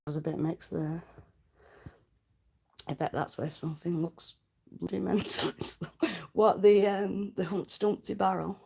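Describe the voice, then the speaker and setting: Giggly woman, gravelly. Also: on the low side, fairly even intonation, measured pace, pauses often, a little mellow. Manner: giggly, rambling, swears a lot. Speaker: livestreamer. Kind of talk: casual live stream chat.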